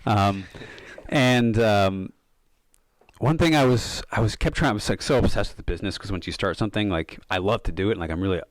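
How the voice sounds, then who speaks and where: A man with a very deep voice, recorded close and dry with no room sound, appears as a podcast guest; he's a yoga and meditation coach. Speaking briskly, he tells stories and works through his ideas in a loose, thoughtful, reflective way, with many fillers like "like" and "um".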